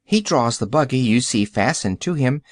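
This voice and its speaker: A man's voice: medium pitch, lively intonation, normal speed, dry recording, clean studio sound, close to an everyday voice. A man voicing a sensible, plain-spoken young girl in a matter-of-fact way.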